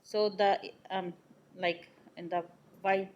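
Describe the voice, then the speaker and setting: A woman preschool teacher on a panel, speaking haltingly with fillers and restarts. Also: mid-range voice, flat delivery, a little mellow, highs cut off, slight background noise. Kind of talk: casual panel talk.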